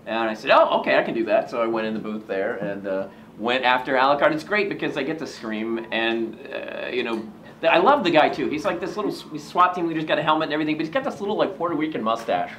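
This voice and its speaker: Lively, animated man telling stories. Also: mid-range voice, fast, a little hiss or hum. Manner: animated storyteller, jokey, acts out quotes. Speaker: voice actor guest. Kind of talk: casual convention interview chat.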